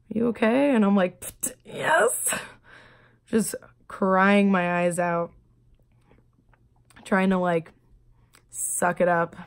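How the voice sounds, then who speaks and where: A woman speaks to the camera in a personal video diary, her voice sitting a little low. She talks quietly and haltingly, with frequent pauses, fillers and restarts. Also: smooth. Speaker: vlogger.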